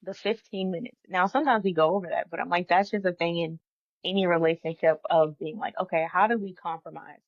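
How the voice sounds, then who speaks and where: A woman co-hosting a podcast, telling stories in a lively way and acting out the lines of people in them. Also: lowish voice, a little fast, no room sound, dull audio. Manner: animated storyteller, acts out quoted dialogue. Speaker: podcast co-host. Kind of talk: casual podcast conversation.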